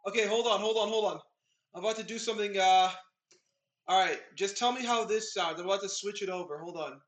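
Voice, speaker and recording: Young male streamer, high-pitched, chatty and excitable, echoey room sound. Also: brisk. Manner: excitable, rambling, chatty with viewers. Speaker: livestream host. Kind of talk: casual live-stream chat. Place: home kitchen. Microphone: omnidirectional mic set in the room.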